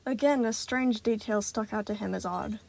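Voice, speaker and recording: A woman's voice: mid-range voice, normal speed, creaky, darkish tone. Woman reading a story aloud. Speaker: fan fiction reader. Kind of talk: storytelling narration.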